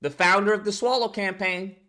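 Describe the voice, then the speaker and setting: A man's voice: high voice, steady tone, a little fast, pushed and bright. A man vlogger ranting bluntly and profanely in a commentary video, full of rhetorical questions.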